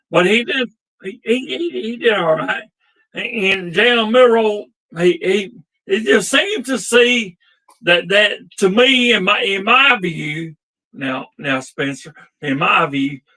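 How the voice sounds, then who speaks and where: Slow-talking, cursing man. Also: high-pitched, pushed and bright, rough recording. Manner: profane, drawn-out, rambling. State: drinking. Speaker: sports show co-host. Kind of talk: casual sports talk.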